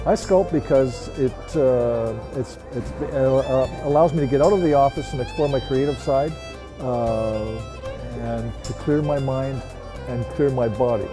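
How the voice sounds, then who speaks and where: A middle-aged man talking in a documentary interview, hesitant and pausing often on "uh". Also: mid-range voice, over loud music. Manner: hesitant, many "uh" fillers. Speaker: snow sculptor.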